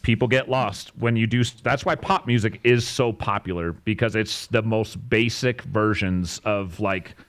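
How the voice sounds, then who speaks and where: Enthusiastic male co-host, lowish voice, casual and emphatic. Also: normal speed, few pauses, a bit bright. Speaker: co-host giving music feedback. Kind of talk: casual live-stream chat.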